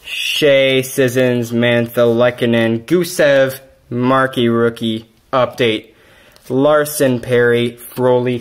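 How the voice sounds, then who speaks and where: An excitable man runs through a stack of cards at an unhurried, drawn-out pace, reading each name aloud. His pitch sits right in the middle for a man, and he breaks into loud shouts whenever he pulls something big. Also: a little hiss or hum. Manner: excitable, bursts into yelling over big pulls. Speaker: card-collecting YouTuber. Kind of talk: casual card-opening commentary.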